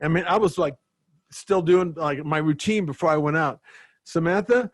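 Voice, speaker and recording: A man with a fairly high voice hosts a casual podcast chat. He tells his stories loosely and lifts his voice when he quotes people. The sound is dry and close, with no room around it. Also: moderate pace, no echo. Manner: storytelling, animated when quoting others. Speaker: podcast host.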